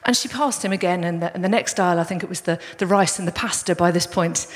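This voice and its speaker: A woman with a lowish voice preaches quickly in a large church hall, her sermon conversational and full of stories. She calls the congregation "guys," and the hall's long reverb carries through the recording.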